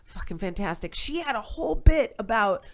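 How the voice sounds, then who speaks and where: A woman from New York, a guest comedian, telling stories on a podcast in an animated, profane way. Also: medium pitch, normal speed. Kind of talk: casual podcast chat.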